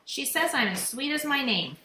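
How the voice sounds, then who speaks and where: A woman's voice: sits high, sing-song, normal speed, sharp tone, pitched above the performer's own voice, heavily acted. A woman doing an eager, pushy little boy. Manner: eager, insistent childish whine. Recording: echoey room, faint noise.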